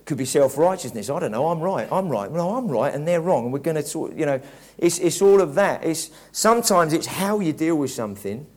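A man's voice: on the high side, expressive, fairly quick. A man preaching a conversational, reflective sermon, often restarting his sentences. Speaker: pastor.

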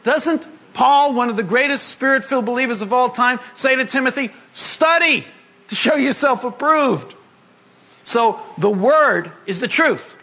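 High, bright-voiced male preacher. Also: unhurried. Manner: animated and humorous, shifting between emphatic and hushed. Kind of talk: sermon. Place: congregation gathering.

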